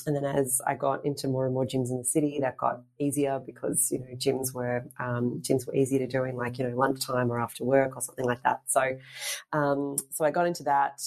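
Middle-aged woman guest with a very low voice, chatty and rambling, plenty of ums and restarts. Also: a little mellow. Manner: chatty, rambling storyteller with frequent fillers and restarts. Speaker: guest, fitness instructor and presenter. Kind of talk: casual interview chat.

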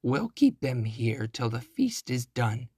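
A cruel castle guard threatens his captives in a slow, heavy way, as a man puts him on. It is a storybook reading with a dry, close sound. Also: medium pitch, sing-song, darkish tone, slightly rough, no room sound, heavily acted. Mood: menacing.

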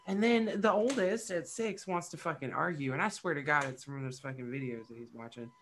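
A woman's voice: sits low, a little fast, slight background noise. A woman in her thirties telling funny stories about her kids in a casual podcast chat, swearing freely and acting out quoted voices. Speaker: podcast co-host.

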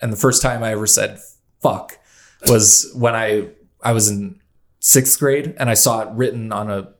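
A man's voice: fairly low pitch, steady tone, normal speed. A man chatting casually as a podcast co-host, rambling and hesitant as he tells stories. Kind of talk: casual chat.

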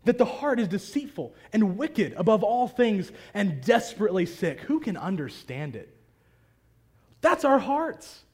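Guy pastor with a high voice, chatty and lively, preaching to a room of people. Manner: conversational and animated, acting out prayers. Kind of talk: sermon. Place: church hall with a congregation.

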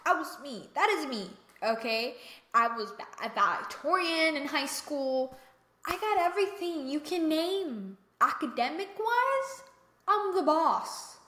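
A young woman talks earnestly through a faith-based mental health podcast, leaning hard on her points and checking in with the listener again and again. Her voice sits a bit high, and the room around her rings with echo. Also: sing-song, measured pace, a bit bright. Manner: emphatic and earnest, keeps checking in with "okay?". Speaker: podcast host. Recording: echoey room.

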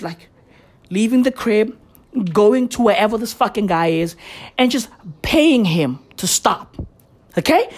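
A podcast host talking in a loose, exasperated solo rant, swearing freely and leaning on slang. Her voice sits a little high and swings widely in pitch. She lets the words come out slowly and drawn out. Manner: profane, exasperated, animated ranting with slang.

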